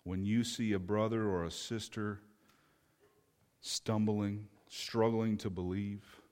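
A man's voice: fairly low pitch, steady tone, takes it slowly, darkish tone. A man preaching a sermon with fervent rhetorical questions. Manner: impassioned, rhetorical questions, acts out quoted voices. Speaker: pastor. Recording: long hall reverb.

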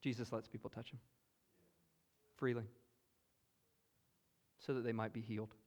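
A man with a Southern US accent preaching a sermon, earnest and emphatic, moving between loud exclamations and hushed asides. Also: mid-range voice, little pitch movement, normal speed. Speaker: pastor. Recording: long hall reverb.

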